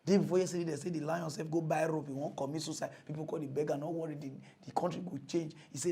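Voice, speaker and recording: A man's voice: a little high, fairly even intonation, quick pace, creaky, few pauses, mellow, slightly rough. A man with a Nigerian Pidgin accent ranting comically as a mock-news presenter, mocking and exclaiming. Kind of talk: comedy rant in mock news.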